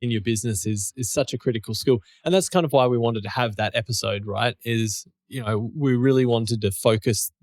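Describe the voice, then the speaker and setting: A man's voice: mid-range voice, a little fast, few pauses, darkish tone, dry recording, clean studio sound. A man, co-hosting a casual chat and explaining his thoughts at length with small restarts. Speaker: podcast co-host.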